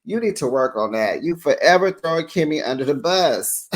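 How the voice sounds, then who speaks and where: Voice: expressive, moderate pace. Chatty, opinionated recap host. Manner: chatty and opinionated, big playful jumps in pitch; talks straight to viewers as "besties". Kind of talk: casual chat recapping a reality TV episode.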